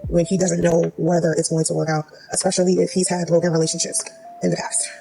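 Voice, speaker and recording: Fast-talking gravelly woman in her forties. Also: fairly low pitch, flat delivery, dark tone, faint music behind, poor audio. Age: 40s. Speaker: social media poster. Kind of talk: monologue to camera.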